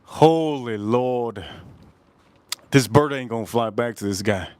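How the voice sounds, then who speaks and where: A man hosting a casual livestream whiskey review, talking excitably and rambling straight to his viewers. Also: mid-range voice, slow, clean tone, dry recording.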